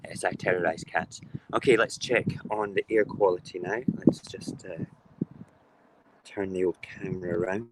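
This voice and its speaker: A man's voice: low-pitched, fairly even intonation, normal speed, heavy background noise. A man hosting a casual morning live stream from his home kitchen on his phone, talking in a chatty, rambling, playful way.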